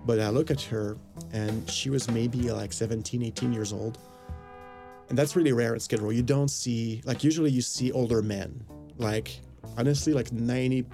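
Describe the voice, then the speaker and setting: A man's voice: medium pitch, gravelly, dark tone. A man casually telling a personal anecdote, rambling with lots of fillers and quoted dialogue. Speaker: storyteller. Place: Los Angeles area.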